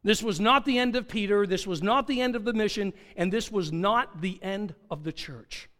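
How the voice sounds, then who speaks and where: A man's voice: sits high, normal speed, a bit bright. A man preaching a sermon, dramatic, asking rhetorical questions and acting out quoted dialogue. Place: church sanctuary. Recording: long hall reverb.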